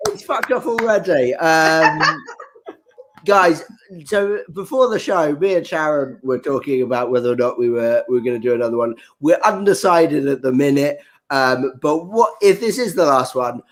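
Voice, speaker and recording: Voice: medium pitch, expressive, moderate pace. A comedy show host wrapping up casually over a video call, rambling with plenty of fillers.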